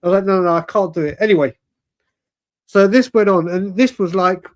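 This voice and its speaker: High-voiced man in his forties. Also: fairly quick. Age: 40s. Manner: rambling, animated, self-correcting. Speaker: fan show guest. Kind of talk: casual storytelling chat.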